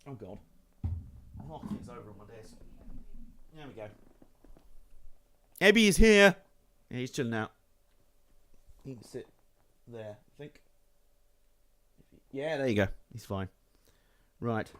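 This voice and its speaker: A man giving joking, excitable live commentary while playing a racing game and chatting to his viewers. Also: mid-range voice, unhurried, long pauses, dry recording. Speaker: streamer. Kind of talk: live let's-play commentary. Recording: game car noise underneath.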